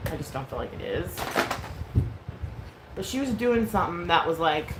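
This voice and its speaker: A woman's voice: lowish voice, very animated, normal speed. A woman in her thirties telling a story in a casual rant, frank and profane, with lots of fillers. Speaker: vlogger. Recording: echoey room with clear background noise.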